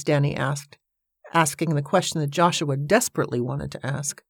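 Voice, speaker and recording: A woman narrating a novel in a steady storytelling manner. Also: sits low, normal speed, creaky, slightly rough, dry recording, studio quality. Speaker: audiobook narrator. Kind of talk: scripted narration.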